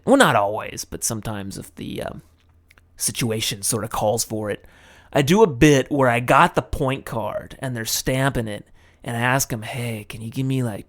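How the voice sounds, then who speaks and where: Young male podcast host, mid-pitch voice, casual comic monologue, rambling delivery. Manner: rambling, loose, lots of fillers.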